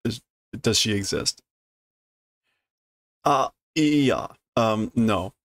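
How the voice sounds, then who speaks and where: A man reading a comic aloud and translating it as he goes, thinking aloud with halting restarts and fillers. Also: lowish voice, fairly bright tone, dry recording. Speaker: Japanese learner reading a comic on stream.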